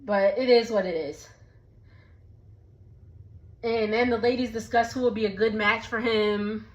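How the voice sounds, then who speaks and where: A woman giving a casual, gossipy recap of a reality TV episode, chatty and quick to laugh. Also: fairly high pitch, fairly even intonation. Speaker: TV recap vlogger. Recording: dull lo-fi sound.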